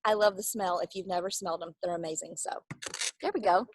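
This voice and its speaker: A woman's voice: on the low side, fairly even intonation, quick pace, a little hiss or hum. A woman with a Southern US accent, chatting on a video call from outdoors, giggly and rambling. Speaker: real estate panelist. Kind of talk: casual video call chat. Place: outdoors on a back deck.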